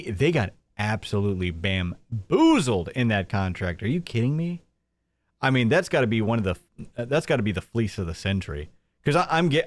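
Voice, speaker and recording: A male host giving mocking live commentary on a clip, chatty and laughing often. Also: medium pitch.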